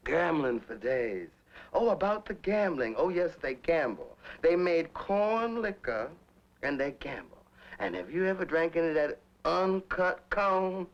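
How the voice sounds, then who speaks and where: A man's voice: fairly high pitch, measured pace. A man being interviewed, telling candid childhood stories and laughing often. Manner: laughs often, animated, playful. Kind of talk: candid storytelling. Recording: dull lo-fi 1960s film sound.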